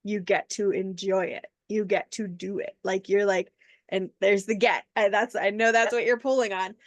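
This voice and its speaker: A woman's voice: mid-range voice, little pitch movement, normal speed, dry recording. A woman hosting a podcast, talking reflectively in casual conversation with many fillers. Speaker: podcast host.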